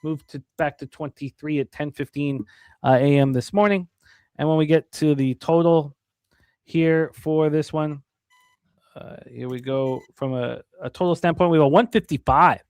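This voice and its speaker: Quick man reading betting lines. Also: a little high, a little mellow, no room sound. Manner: reads odds and numbers quickly, many fillers. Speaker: sports betting show co-host. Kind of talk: casual sports betting talk.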